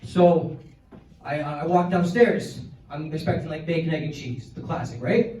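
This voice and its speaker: A man's voice: on the high side, steady tone, measured pace, a little mellow. A young man in his twenties from Canada, doing a crude, rambling stand-up set full of fillers. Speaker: stand-up comedian. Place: comedy club stage. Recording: roomy club sound from far off. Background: audience laughter.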